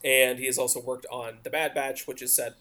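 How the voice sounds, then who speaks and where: A man's voice: medium pitch, level tone, a little fast, sharp tone. Male podcast co-host, mid-range voice, talkative and explanatory, casual chat. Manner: explanatory, talkative, laughs often.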